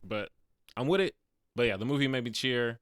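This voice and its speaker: A man's voice: mid-range voice, lively intonation, brisk, smooth, no echo, clean studio sound. A man in his late twenties co-hosting a movie review podcast, chatting casually and animatedly, laughing often and acting out quotes. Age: late 20s. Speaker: podcast co-host. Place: podcast studio.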